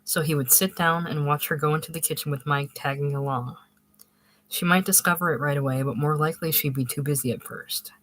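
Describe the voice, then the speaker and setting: A narrator reading a literary short story aloud in a measured way, with occasional small restarts. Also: medium pitch, fairly bright tone, rough recording.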